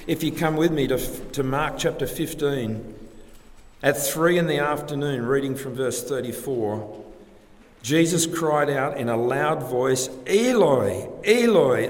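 A man preaches slowly and deliberately, leaning on rhetorical questions. His mid-pitched voice rings through a roomy church hall with a long reverb tail. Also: a little mellow. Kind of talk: sermon.

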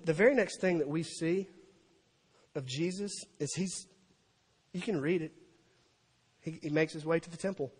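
A man preaching a sermon as pastor, animated and dramatic, acting out crowd voices and scripture quotes. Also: high voice, husky. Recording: long reverb of a large hall.

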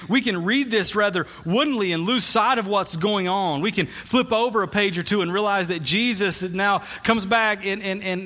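Male pastor, high bright voice, relaxed storytelling sermon with many restarts. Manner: conversational storytelling, frequent restarts. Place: church.

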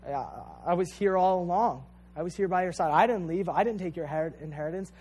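A man's voice: high-pitched, brisk, darkish tone, slightly rough. A man acting out a bitter, resentful older brother who is airing his grievances to his father. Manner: aggrieved, pleading complaint.

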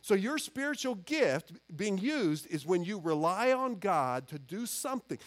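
A man's voice: sits high, sing-song, a little slow. A man preaching a sermon in an earnest, conversational way, often restarting his phrases. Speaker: pastor.

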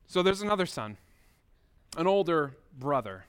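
A man with a notably high voice preaches a sermon as a pastor. He keeps it conversational and speaks straight to his listeners, often with rhetorical questions. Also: very animated, normal speed, smooth.

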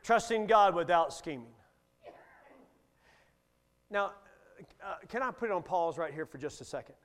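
Male preacher, middle-aged, folksy, joking, high voice, smooth tone. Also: lively intonation, moderate pace, a bit bright. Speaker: guest preacher. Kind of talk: sermon.

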